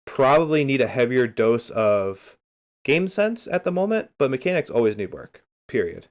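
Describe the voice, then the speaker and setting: Guy streaming replay coaching, casual rambly chat, mid-pitched voice, upbeat and loose. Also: very animated, moderate pace. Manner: upbeat, keeps saying beautiful.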